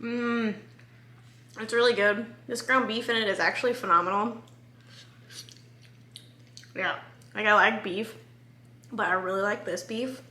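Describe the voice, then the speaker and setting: A woman's voice: medium pitch, fairly even intonation, a little slow, long pauses, pushed and bright. A woman food vlogger, bubbly and enthusiastic, giving a casual review of a dish at home in her kitchen.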